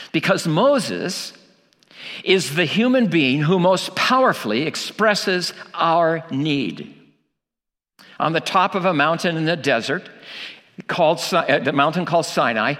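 A man's voice: a little high, pushed and bright, big-room sound. A man preaching a sermon, emphatic, asking rhetorical questions and repeating key lines for weight.

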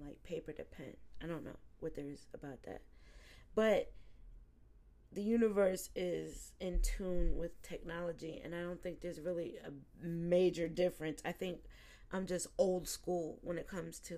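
A woman in her forties hosting a psychic podcast, chatting casually with listeners, laughing often and dropping to a soft, quiet voice when reflective. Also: fairly low pitch. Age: 40s.

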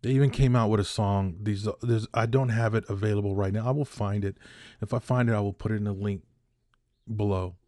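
A man's voice: lowish voice, fairly even intonation, fairly quick, mellow, no echo, studio quality. Impassioned ranting man in his fifties. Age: 50s. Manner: impassioned, ranting, repeats points for emphasis. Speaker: podcast host. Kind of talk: opinion podcast monologue.

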